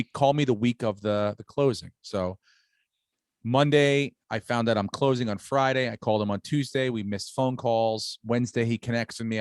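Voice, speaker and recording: A middle-aged man chatting casually on a podcast, telling stories in an animated and profane way. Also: fairly low pitch, no echo, studio quality. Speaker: podcast host. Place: home on Long Island, New York.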